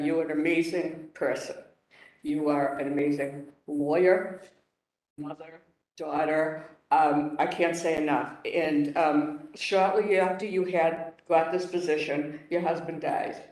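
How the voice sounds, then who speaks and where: A woman's voice: sits low, darkish tone, recorded from a distance. An older woman on a council, speaking at a hearing in an emotional, rambling, outspoken way. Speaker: council member. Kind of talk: hearing remarks. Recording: roomy, off-mic in a hall.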